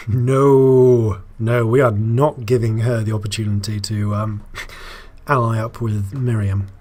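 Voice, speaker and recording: A man's voice: fairly low pitch, flat delivery, slow, hardly any pauses, mellow. A man hosting a let's play, thinking aloud in casual commentary with wry asides and frequent fillers.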